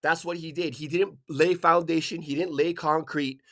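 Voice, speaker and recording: A man from Hawaii delivering an angry, profanity-filled rant, swearing constantly and bursting into shouts. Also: on the high side, fairly even intonation, normal speed. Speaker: vlogger.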